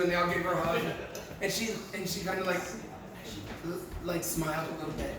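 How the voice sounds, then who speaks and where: A man's voice: sits high, little pitch movement, fairly quick. A man doing stand-up comedy, telling candid, profane and emotional stories to a live audience. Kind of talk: stand-up storytelling. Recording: echoey room, far mic, crowd noise.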